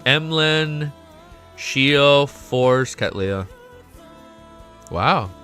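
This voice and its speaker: A young man hosting a casual livestream, excitable and swearing often, reading chat aloud. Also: mid-range voice, extremely slow. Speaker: livestream host. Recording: faint music behind.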